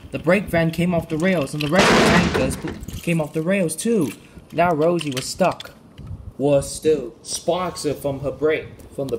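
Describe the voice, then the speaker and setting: A man narrating a home-made toy-train story, halting and restarting often as he reads. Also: on the high side, slight background noise. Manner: halting, frequent restarts and stumbles. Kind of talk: amateur storytelling.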